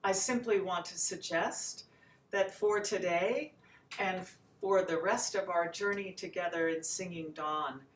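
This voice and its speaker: A woman teaching a daily chant practice, speaking gently and slowly and breaking into sung chant lines to demonstrate. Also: fairly low pitch, a little hiss or hum. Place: home room with chair, screen share.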